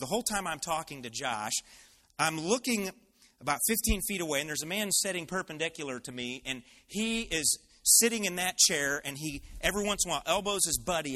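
Animated male preacher with bright voice. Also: a little high. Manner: animated, personal anecdote. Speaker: pastor. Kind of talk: sermon storytelling.

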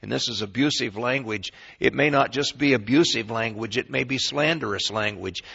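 A man preaching a sermon in a folksy storytelling way, swinging between quiet asides and loud bursts. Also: mid-range voice, normal speed, creaky, husky, lo-fi sound.

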